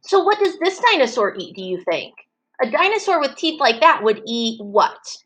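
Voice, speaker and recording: A woman teaching preschool children in an online circle time, slow and encouraging, stretching words out so the children can clap the syllables. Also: high-pitched, sing-song, fairly bright tone, low-quality recording.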